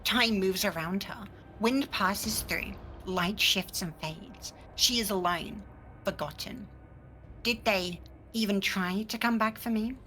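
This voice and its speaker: Bright-voiced woman reading a scene. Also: medium pitch, takes it slowly, slight background noise, rough recording. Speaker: player reading a scene aloud. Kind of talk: dramatic reading of a tabletop game scene.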